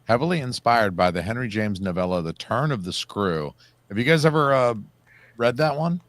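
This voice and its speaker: A man's voice: mid-range voice, animated, moderate pace, no room sound. A man co-hosting a casual livestream chat, joking and enthusiastic, with lots of "like" fillers. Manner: joking, enthusiastic, says "like" often.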